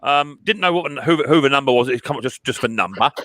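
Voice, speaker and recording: Bright-voiced man hosting a stream. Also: mid-range voice, animated, quick pace, no echo, rough recording. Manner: chatty, stammers and repeats words. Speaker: live stream host. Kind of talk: casual live stream chat.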